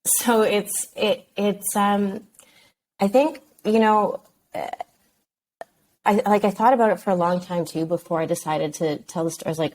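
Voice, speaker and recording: A woman in her thirties, a podcast guest speaking candidly and thoughtfully, with many pauses and restarts. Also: mid-range voice, darkish tone, slight background noise. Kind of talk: candid interview conversation.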